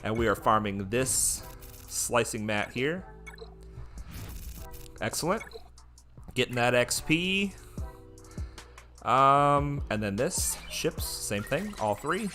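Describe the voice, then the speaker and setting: A man giving excited live commentary while playing a mobile game, chatting with his viewers as he goes. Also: medium pitch, slow, long pauses, soft background music.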